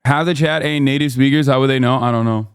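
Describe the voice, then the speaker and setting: Brief: male streamer host, sarcastic banter, smooth slightly high voice, dry close mic. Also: fast talker, no echo. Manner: joking, sarcastic, talks back to chat. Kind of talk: casual reaction commentary.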